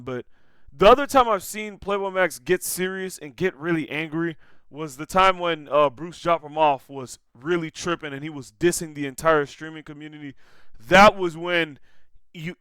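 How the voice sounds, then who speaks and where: A man's voice: on the high side, pushed and bright, clear, resonant tone, dry recording. A young man giving casual, slangy reaction commentary on a clip, saying "bro" again and again.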